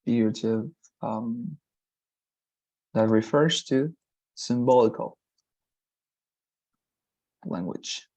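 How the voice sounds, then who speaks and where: A patient English tutor with a dark-toned, mid-range voice gives a one-on-one lesson over a video call. He explains slowly, with many fillers and restarts.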